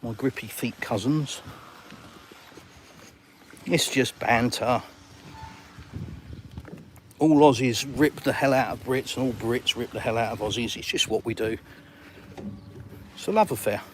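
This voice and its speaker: A middle-aged man with an English accent, hosting a casual live Q&A outdoors. He talks bluntly and teases viewers with jokey banter in a middle-pitched voice. Faint ambient noise sits behind him. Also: steady tone, a little slow, long pauses. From England. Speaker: livestream host. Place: outdoors on a sunny balcony.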